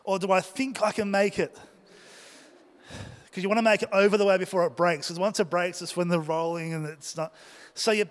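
High-voiced man telling a story in a hall. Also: fairly quick. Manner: animated, acts out his own thoughts and shouts. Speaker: speaker addressing a live audience. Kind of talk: personal storytelling talk. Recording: reverberant hall.

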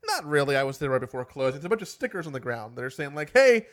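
A man hosting a casual podcast, rambling and self-deprecating in quick bursts, with a groggy morning voice. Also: mid-range voice, animated, fairly bright tone. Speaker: podcast host.

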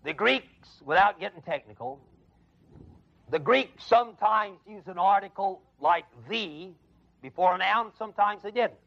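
Man, Bible teacher, high pitched, emphatic, repeats words, questions the class, classroom, muffled old recording. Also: lively intonation, unhurried, creaky, fairly bright tone. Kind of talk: Bible lesson lecture to adult class. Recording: dull lo-fi 1979 class recording.

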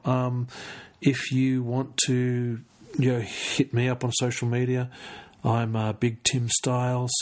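A man hosting a solo podcast late at night, tired and rambling, stumbling over words and using many fillers. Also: mid-range voice. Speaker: podcast host. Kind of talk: solo casual podcast chat.

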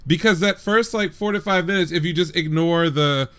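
Bright-voiced man breaking down a story. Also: on the high side, moderate pace, clear, resonant tone. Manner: analytical, reasons point by point. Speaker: podcast co-host. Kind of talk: casual chat, anime review.

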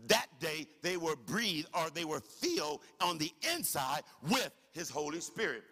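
A man preaching a sermon as the pastor of his church, animated, swinging from soft asides to shouted lines. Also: fairly high pitch, a little slow. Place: church sanctuary. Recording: reverberant church hall.

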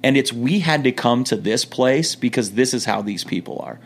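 A middle-aged man telling stories in a laid-back, joking way as a podcast guest, with lots of quick restarts. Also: mid-range voice. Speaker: podcast guest, returned missionary. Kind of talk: casual storytelling.

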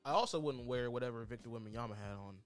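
Animated young man talking basketball. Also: mid-range voice, very fast, soft background music. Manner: animated, rambling sports banter. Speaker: podcast co-host. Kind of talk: casual sports podcast chat.

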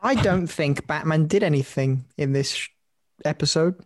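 A man's voice: on the high side, moderate pace, no echo, studio quality. A young man co-hosting a podcast, chatting casually and animatedly, laughing and swearing now and then. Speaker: podcast co-host. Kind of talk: casual chat.

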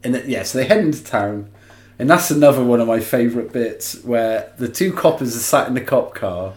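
Animated man, roomy sound. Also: medium pitch, fairly quick. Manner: animated, retells scenes in put-on voices. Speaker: podcast co-host. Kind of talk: casual film chat. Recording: roomy echo.

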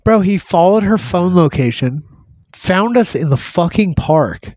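A man's voice: sits high, animated, unhurried, a little mellow, no room sound. A young man hosting a podcast, telling a rambling, crude story full of swearing and acted-out quotes. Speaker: podcast host.

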